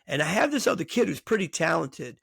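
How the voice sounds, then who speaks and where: This middle-aged man, a baseball coach who hosts a podcast, tells casual stories and lively voices the people he quotes. He speaks a little fast in a slightly high, husky voice with vocal fry, captured in a dry, studio-quality recording.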